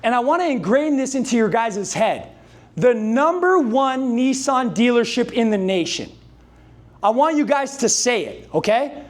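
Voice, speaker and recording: Sales trainer, male, very high pitch, loud hype delivery, keeps pulling the room into call-and-response. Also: a little slow. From Canada. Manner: energetic, hype-driven, calls on the audience to answer and repeat. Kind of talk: motivational speech to a live sales team. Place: dealership meeting room with a live audience.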